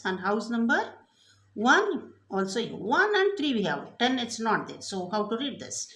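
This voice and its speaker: A woman teaching abacus finger techniques step by step, counting numbers aloud slowly and deliberately with frequent prompts. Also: fairly high pitch, a bit bright, roomy sound. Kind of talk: step-by-step math lesson.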